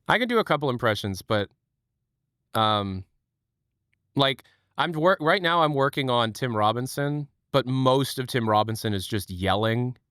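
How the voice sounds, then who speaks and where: A man's voice: mid-range voice, expressive, a bit bright, clean tone, no echo, clean studio sound. A young man hosting a livestream, chatting with viewers in a rambling, joking way at home. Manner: rambling, joking, quick asides. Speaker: livestream host. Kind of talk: casual chat with chat viewers.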